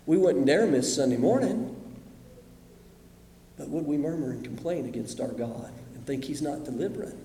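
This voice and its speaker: A male preacher with a notably high voice delivers a sermon in a church hall. He shifts from emphatic, raised points to quiet, drawn-in asides. The sound is roomy, with a long reverb tail. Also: expressive, moderate pace, slight background noise. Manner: dramatic, swings from loud emphasis to hushed asides.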